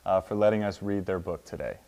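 A man's voice: sits low, quick pace, dark tone. A young man in his twenties, a college football player, reading a children's picture book aloud with sound effects. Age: 20s. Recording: long hall reverb.

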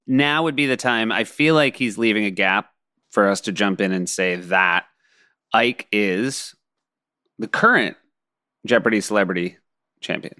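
A man's voice: on the low side, a little slow, long pauses, pushed and bright, no room sound, studio quality. A man co-hosting a casual podcast chat, teasing the guest and riffing on his stories. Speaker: co-host.

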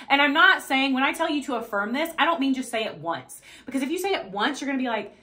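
A woman fitness coach talks straight to the camera in a casual motivational vlog, cursing freely and hammering her points home. Her voice sits fairly high and sounds bright and forceful. She keeps tagging her lines with "okay?" and "right?". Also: lively intonation, quick pace, few pauses. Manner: blunt and profane, emphatic; repeats "okay?" and "right?" to check in.

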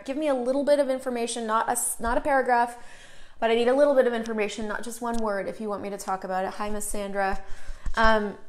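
A middle-aged woman hosting a live stream, talking casually and greeting viewers by name as she goes. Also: on the high side. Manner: chatty, greets viewers by name mid-sentence.

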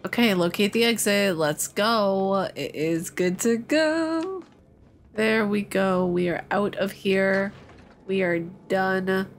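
A woman's voice: mid-range voice, slow, slight background noise. A young woman hosting a let's-play, chatting playfully with her viewers as she plays. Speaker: gaming channel host. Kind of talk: casual let's-play commentary.

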